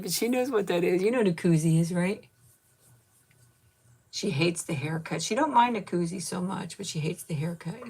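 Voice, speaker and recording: Channel host, woman in her 50s, low gravelly voice, casual chat and baby talk. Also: a little mellow. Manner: coos baby talk at her pet, thanks viewers by name.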